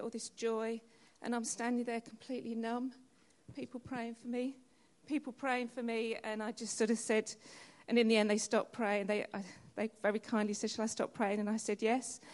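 Woman, slightly high voice, conversational, reflective church testimony. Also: darkish tone. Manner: conversational and reflective, addresses the crowd directly. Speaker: church member giving testimony. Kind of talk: personal testimony to a congregation.

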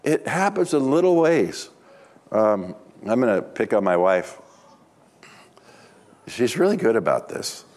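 A man's voice: mid-range voice, sing-song, a little slow, long pauses, a little mellow. A middle-aged man, a pastor, preaching a sermon with humorous personal stories in a chatty, conversational way.

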